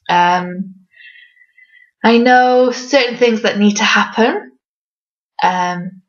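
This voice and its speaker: A woman's voice: medium pitch, dull audio. A woman from Wales with a fairly neutral English accent, an author answering reader questions in a casual vlog, hesitant with many ums and light self-mocking laughs.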